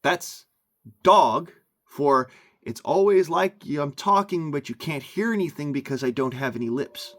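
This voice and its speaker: Speaking into the camera for his vlog, this man has a high-sitting, fairly bright voice. His rant wanders and hammers its points, with plenty of repetition.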